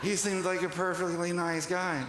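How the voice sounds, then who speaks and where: A man voicing a naive, chatty neighbor in a slightly higher put-on voice, in an echoey hall. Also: flat delivery, moderate pace, fairly bright tone. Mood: oblivious. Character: naive middle-aged neighbor, oblivious and chatty. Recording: echoey hall with long reverb.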